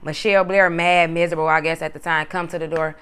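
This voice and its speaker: Blunt, profane woman with a smooth voice. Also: low voice, quick pace. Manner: blunt, profane, animated when quoting. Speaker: former prison inmate telling her story. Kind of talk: casual storytelling to camera.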